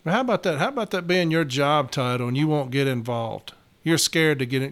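A man talks straight into his own podcast, blunt, profane and quick to get fired up. His voice sits a little high for a man and comes through smooth and clear. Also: expressive, a bit bright. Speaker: union steward podcaster. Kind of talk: casual podcast monologue.

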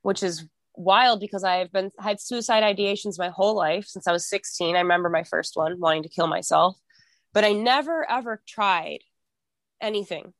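A woman's voice: medium pitch, moderate pace, fairly bright tone, no echo. A young woman as a podcast guest and author, speaking candidly and freely about her life, rambling and swearing often.

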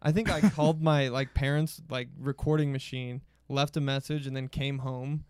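A man's voice: medium pitch, fairly even intonation, moderate pace, darkish tone, clean tone, dry recording, studio quality. A man who does stand-up, chatting casually on a podcast and telling loose stories full of swearing and laughter. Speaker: stand-up comedian, podcast co-host. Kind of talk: casual chat.

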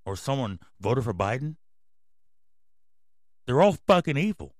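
A man's voice: mid-range voice, sing-song, unhurried, dry recording, studio quality. Angry, swearing male podcast host. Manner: angry, yelling, swearing constantly. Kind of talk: profane ranting commentary.

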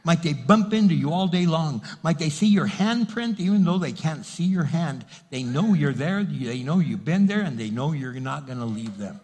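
A man's voice: a little high, animated, moderate pace, hardly any pauses, darkish tone, breathy edge. A man preaching a sermon as pastor, building emphasis and acting out quotes. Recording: reverberant hall.

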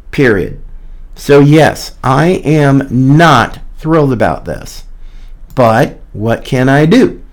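A man hosting a podcast, giving a combative, mocking opinion monologue. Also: medium pitch. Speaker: podcast host.

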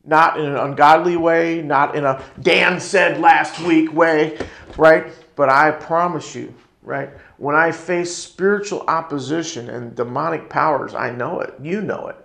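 An American man teaches a church ministry class in sermon style, voice gravelly, somewhat high and a bit bright, unhurried. He hammers each point by repeating key phrases and calls for the room to answer back. The audio is roomy, echoing off the church space.

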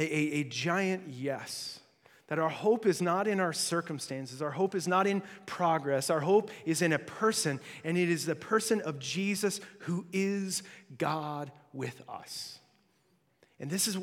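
A male pastor gives a sermon in a relaxed, chatty way, with lots of fillers and light jokes along the way. His voice sits fairly high for a man. The sound carries a long echo from a large church hall. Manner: conversational, frequent "like" fillers and restarts, playful asides. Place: church sanctuary.

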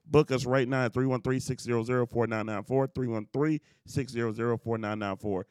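A man's voice: medium pitch, fairly even intonation, fairly quick, darkish tone, clear, resonant tone, no room sound, clean studio sound. A man hosting a podcast, talking in a laid-back, slangy way as he reads out plugs. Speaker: podcast host. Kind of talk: casual chat.

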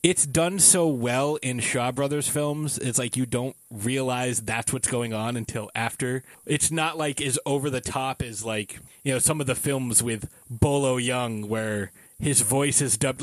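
Animated man in casual film chat. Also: medium pitch, measured pace, hardly any pauses, no echo. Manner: animated, acts out scenes in goofy voices; laughs often. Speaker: podcast co-host.

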